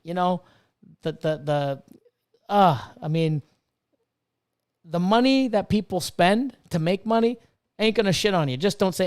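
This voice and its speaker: A man's voice: high-pitched, animated, unhurried, pauses often, clean tone. A man in his fifties ranting casually on a livestream, swearing freely and reading viewers' chat aloud. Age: 50s. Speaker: livestream host and snake breeder.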